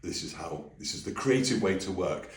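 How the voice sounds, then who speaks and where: Deep-voiced man teaching a song. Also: animated, moderate pace. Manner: friendly, easygoing explanations with sung demonstrations. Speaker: music teacher. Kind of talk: video singing lesson. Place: room with a piano. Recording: echoey room, voice a little distant.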